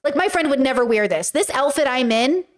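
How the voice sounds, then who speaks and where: A woman's voice: high-pitched, lively intonation, brisk. A woman hosting a casual livestream, talking candidly in a rambling way, swearing freely and acting out her own quotes. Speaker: livestream host. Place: home livestream.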